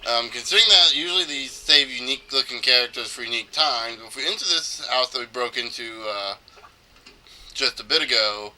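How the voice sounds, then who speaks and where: Bright-voiced young man commentating gameplay. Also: mid-range voice, brisk. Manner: joking, rambling, frequent fillers. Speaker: let's player.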